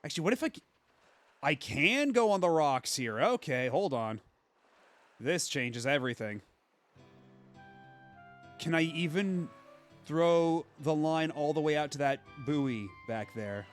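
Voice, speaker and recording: A man casually commenting while he plays a fishing game on a stream, thinking aloud with quick asides. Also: on the high side, animated, soft background music.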